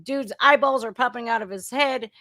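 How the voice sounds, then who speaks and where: A woman hosting a casual news commentary podcast, blunt, crude and sarcastic, swinging between loud outbursts and muttering. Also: fairly high pitch, normal speed. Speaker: podcast host.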